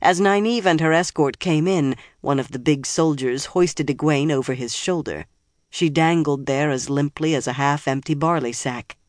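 An audiobook narrator reading fantasy prose in a steady, measured way. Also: mid-range voice, no echo, studio quality.

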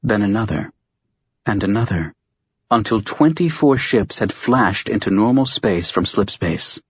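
A man reads a science fiction audiobook with steady, measured narration. His voice sits low and a little husky, and the recording sounds dry and close but dull and lo-fi. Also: no room sound. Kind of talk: scripted narration.

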